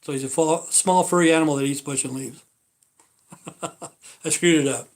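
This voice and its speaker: A man's voice: on the high side, fairly even intonation, normal speed. A man hosting a casual livestream, talking in a rambling, profane way with many fillers. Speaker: livestream host.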